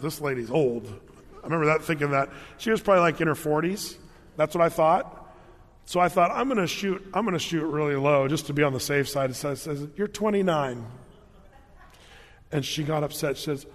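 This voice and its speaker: Male pastor, casual funny sermon delivery, higher-pitched voice, long reverb. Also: fairly bright tone, slight background noise. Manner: humorous storytelling, conversational. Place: large church hall.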